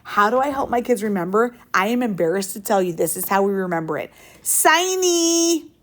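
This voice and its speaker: Speaking fast at a medium pitch with fairly even intonation, this woman teaches a high school math lesson. Her classroom manner is upbeat and playful, and she keeps posing questions to the students.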